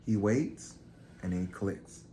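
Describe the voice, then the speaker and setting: A man's voice: sits low, takes it slowly, warm tone, slight background noise. A man casually retelling a true crime story, acting out the quoted lines with lots of energy.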